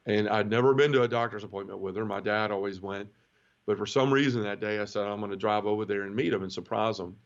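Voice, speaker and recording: A middle-aged man from the southern United States, giving an emotional personal testimony in an interview, halting and full of restarts. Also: on the low side, steady tone. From Memphis area, southern United States. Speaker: guest. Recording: dull lo-fi audio.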